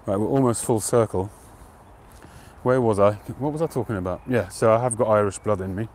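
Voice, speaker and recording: A man hosting a live stream outdoors, chatting to viewers in a relaxed, rambling way and greeting them by name. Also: fairly low pitch, a little fast, slight background noise. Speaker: pipe-smoking livestream host. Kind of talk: casual live-stream chat.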